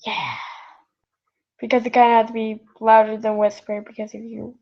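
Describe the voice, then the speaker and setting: A woman's voice: fairly high pitch, level tone, moderate pace, highs cut off. A woman reading fan fiction aloud in a rambling way, often breaking off to apologize, recorded at home at night on a built-in device mic. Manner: rambling, self-interrupting, apologetic. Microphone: built-in device mic, no proper microphone.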